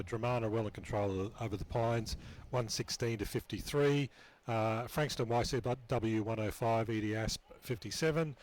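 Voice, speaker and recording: A man reading out football scores on radio, with many ums and uhs. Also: mid-range voice. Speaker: scores update presenter.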